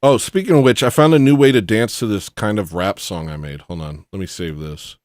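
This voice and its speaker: A man ranting casually as a comedic livestream host, mumbling asides between louder bursts. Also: on the low side, brisk, hardly any pauses, no echo, clean studio sound. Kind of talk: rambling comedic livestream rant.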